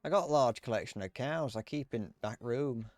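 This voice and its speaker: A man's voice: mid-range voice, moderate pace, dry recording, close to an everyday voice. A man putting on the voice of a folksy northern English farmer with a northern accent, dropping little words as he rambles.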